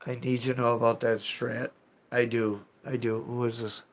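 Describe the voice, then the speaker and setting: A man's voice: mid-range voice, flat delivery, moderate pace. A man casually chatting with his live chat as a streamer, rambling, self-deprecating and swearing now and then.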